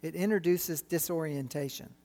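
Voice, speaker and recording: A middle-aged man preaching a sermon, animated and full of rhetorical questions to the congregation. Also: fairly high pitch, normal speed, long reverb tail.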